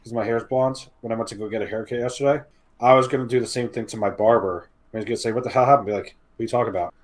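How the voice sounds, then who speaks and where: A man's voice: mid-range voice, steady tone, very fast. A man co-hosting a podcast, chatting casually, teasing his co-host and reading out posts in a mocking tone. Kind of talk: casual chat.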